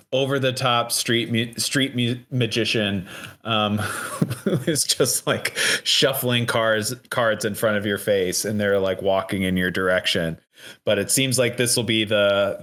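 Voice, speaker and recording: Man, game master, slow unhurried delivery, chuckles through the narration, tabletop game. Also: fairly low pitch, a bit bright. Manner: laughs often while narrating.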